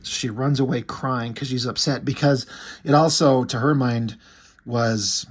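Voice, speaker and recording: A man's voice: mid-range voice, fairly even intonation, unhurried, slightly rough. A man giving a casual, rambling recap and commentary as a comic book reviewer, offhand with frequent fillers and restarts.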